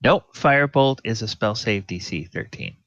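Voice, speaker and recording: A man's voice: on the low side, lively intonation, moderate pace, fairly bright tone, no room sound. A man running a tabletop game as dungeon master, hesitant with many fillers, on a muffled recording.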